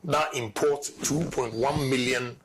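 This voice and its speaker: A man's voice: medium pitch, steady tone, a little slow, a little hiss or hum. A man explaining figures step by step in a played clip. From Ghana.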